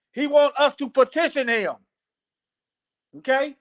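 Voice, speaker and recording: A man leading a live scripture study, reading verses aloud slowly and breaking off for casual, plain-spoken commentary. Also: sits high, expressive, fairly bright tone. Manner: slow, deliberate reading broken by casual asides. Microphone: phone.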